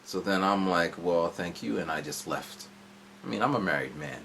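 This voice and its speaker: A man's voice: deep voice, normal speed, vocal fry, bright, forceful tone, slight background noise. A man in his forties telling a long, rambling story in a casual vlog from home, jumping around as he goes. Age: 40s. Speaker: vlogger. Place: at home indoors.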